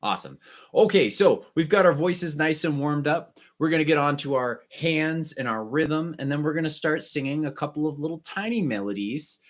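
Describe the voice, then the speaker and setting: A man teaching an online music lesson, guiding students through breathing and warm-up exercises with short, encouraging instructions. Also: fairly high pitch, animated, normal speed.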